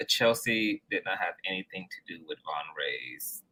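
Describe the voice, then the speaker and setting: Bright-voiced man hosting a live stream. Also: deep voice, lively intonation, normal speed, low-quality recording. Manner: soothing, affectionate replies. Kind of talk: casual live-stream chat.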